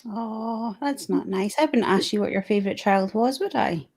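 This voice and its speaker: A Scottish woman speaks at an ordinary middle pitch as the guest author on a casual video-call show. She teases with a dry sense of humour. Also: moderate pace, a little mellow. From Scotland. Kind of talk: casual chat.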